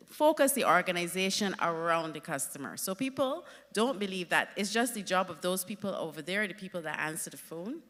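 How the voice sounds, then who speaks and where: A woman giving a conference talk, telling lively stories with emphatic punch. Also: mid-range voice, big-room sound. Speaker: conference speaker.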